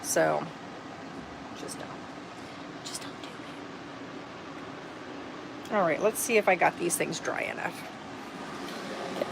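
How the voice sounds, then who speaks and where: A woman's voice: lowish voice, takes it slowly, vocal fry, pauses often. Woman vlogging outside at an rv park, earnest and kinda fed up, rambles with lots of ums, faint road noise. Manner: earnest, indignant, rambling with fillers. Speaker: homestead vlogger. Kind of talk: casual storytelling vlog. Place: outdoors at an RV park.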